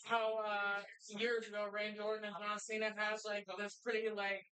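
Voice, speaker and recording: A woman's voice: mid-range voice, monotone, normal speed, a crowd in the background, low-quality recording. A woman co-hosting a live podcast from a bar, chatting eagerly and casually about wrestling. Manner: chatty, enthusiastic wrestling fan. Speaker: podcast co-host.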